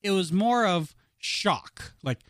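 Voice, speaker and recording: A man's voice: sits high, slow, no echo. Chatty man on a dry close mic. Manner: chatty storyteller, many restarts, animated quoted voices. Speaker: podcast co-host. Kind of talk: casual podcast chat.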